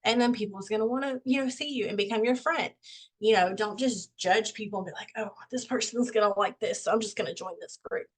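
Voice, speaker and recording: A woman's voice: medium pitch, a little fast, rough recording. A young woman on a video call giving a casual, folksy pep talk to her team, a bit out of breath. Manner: candid, folksy, self-deprecating. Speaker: team member sharing sales tips.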